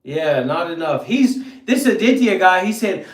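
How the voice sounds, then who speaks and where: A man hosting a livestream from a bathtub, loud, teasing and profane in joking banter. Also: sits high, lively intonation, moderate pace, hardly any pauses, roomy sound. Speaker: livestream host.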